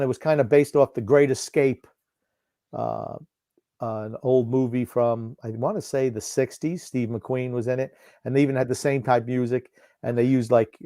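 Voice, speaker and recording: A man co-hosting a casual football watchalong podcast, gruff and blunt, given to rambling asides. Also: medium pitch, warm tone, dry recording, studio quality. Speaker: podcast co-host called Grump. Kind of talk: casual game watchalong chat.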